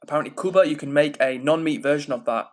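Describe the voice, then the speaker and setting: An English man hosting a casual livestream, upbeat and chatty as he reads out comments and gives shout-outs. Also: fairly high pitch, fast talker, rough recording. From England. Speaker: livestream host.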